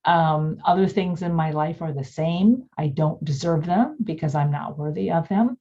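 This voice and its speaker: An older woman reflectively telling a personal childhood story over a video call, pausing with many fillers. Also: deep voice, dark tone, highs cut off. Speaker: workshop participant.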